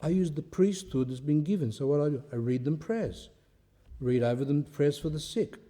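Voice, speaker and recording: A man in the role of a priest delivers a relaxed spiritual talk, his voice sitting a little high for a man yet warm and mellow. He asks rhetorical questions and tells stories in an easy, chatty way, often repeating himself as he goes. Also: normal speed. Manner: conversational storytelling with rhetorical questions; repeats and restarts phrases. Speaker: Orthodox priest.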